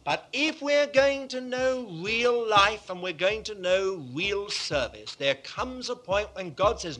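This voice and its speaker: A man preaching a sermon with impassioned conviction, dropping to hushed tones and then rising to forceful, emphatic repetition. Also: sits high, animated, takes it slowly, few pauses.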